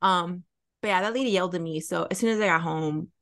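A young woman from Chicago co-hosts a casual podcast from her apartment. She tells stories with lots of energy and swears freely. She slips into quick impressions of the people she describes. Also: fairly low pitch. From Chicago area. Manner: animated storyteller, swears freely, acts out quoted people. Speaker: podcast co-host. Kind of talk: casual chat. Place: apartment near a window.

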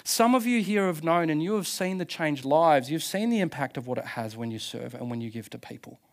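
A man's voice: on the high side, lively intonation, fairly quick. A man preaching a passionate sermon as pastor at a church service, emphatic, with restarts and laughs.

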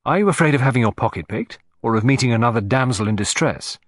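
A man's voice: medium pitch, animated, fast, dry recording, close to an everyday voice. A man voicing an earnest, practical Englishman who speaks eagerly and straightforwardly.

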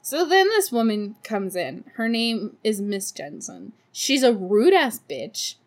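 Very animated yet slow-paced, this woman speaks at medium pitch. She hosts a podcast, chatting through a movie recap with frequent laughter and sarcastic, foul-mouthed remarks.

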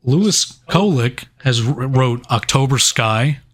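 A man's voice: mid-range voice, lively intonation, takes it slowly. A man co-hosting a movie review podcast, chatting casually, swearing and laughing as he jokes. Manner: laughing, profane, joking. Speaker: podcast co-host.

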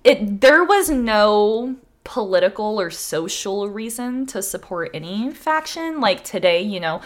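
A woman's voice: mid-range voice, expressive, a little slow. A young woman co-hosting a podcast, telling a history story in casual, chatty talk and swearing freely. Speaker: podcast co-host.

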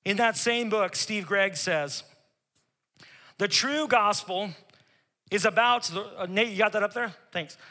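Emphatic bright-voiced male pastor preaching. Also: sits high, big-room sound. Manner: emphatic, repeats key phrases, drops to a hush for tender moments. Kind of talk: sermon.

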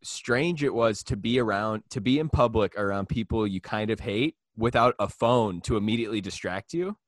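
Low-voiced man rambling through a casual story. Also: normal speed, no room sound, clean studio sound. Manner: rambling storyteller, laughs often, mimics people. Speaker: podcast host. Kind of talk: casual chat.

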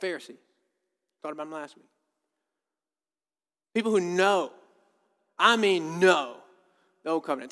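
A man's voice: on the high side, normal speed, long pauses, fairly bright tone. A man preaching a sermon as a pastor, casual and conversational, often repeating his words. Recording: long reverb of a church hall.

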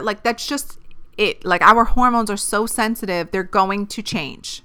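A woman in her thirties talks through dating advice on her podcast, blunt and quick to swear. Her voice is bright and smooth, and she sounds fired up and opinionated as she rants. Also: mid-range voice. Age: 30s. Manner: blunt, profane and animated, giving dating advice. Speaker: podcast host. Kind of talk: casual podcast monologue.

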